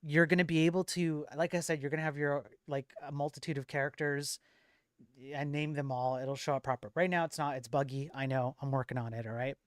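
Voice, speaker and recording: Chill guy running a stream, smooth clean voice, kinda rambly, dry close sound. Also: on the high side, steady tone, brisk, no echo. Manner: rambling, full of fillers and restarts. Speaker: livestream host and moderator. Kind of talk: casual stream chat.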